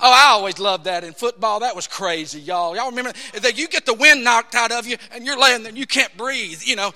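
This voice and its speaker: A man preaching a dramatic sermon in a church, acting out voices and swinging between hushed tones and shouts. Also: very high voice, brisk, few pauses, in a large hall. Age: 30s.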